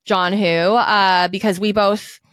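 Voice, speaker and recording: A woman's voice: mid-range voice, fairly even intonation, slow, a bit bright, no room sound, clean studio sound. A woman comedian hosting a podcast, chatting casually in a rambling, self-deprecating way.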